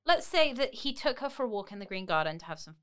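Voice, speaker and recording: A woman's voice: mid-range voice, big pitch swings, a bit bright, smooth. A woman co-hosting a podcast, chatting casually and chipping in with playful remarks. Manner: playful, quick interjections. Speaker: podcast co-host. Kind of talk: casual chat.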